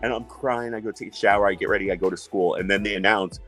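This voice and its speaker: A man's voice: sits low, level tone, very fast, a bit bright, soft background music, rough recording. A man from New York hosting a casual chat, telling stories animatedly, swearing and acting out quotes. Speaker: host.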